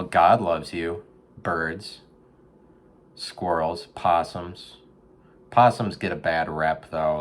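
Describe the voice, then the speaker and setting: A man hosting a podcast, rambling in a deadpan comic monologue and now and then breaking into a loud mock pep talk. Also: low voice, slight background noise. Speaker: podcast host. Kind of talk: casual comedic monologue.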